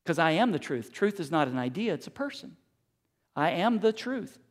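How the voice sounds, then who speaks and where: A man's voice: fairly high pitch, sing-song, moderate pace. A middle-aged man preaching a sermon, asking rhetorical questions and acting out quotes. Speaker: pastor.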